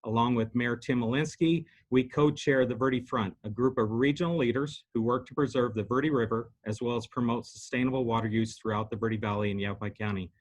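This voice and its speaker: A man's voice: mid-range voice, fairly even intonation, fairly quick, hardly any pauses. A middle-aged man from Arizona giving an earnest, prepared campaign statement as a county supervisor candidate, with filler words.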